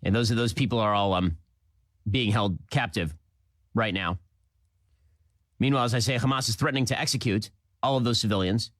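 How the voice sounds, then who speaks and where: A man hosting a political commentary show, delivering a rapid, emphatic, indignant monologue with repeated phrases. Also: on the low side, a bit bright, no echo.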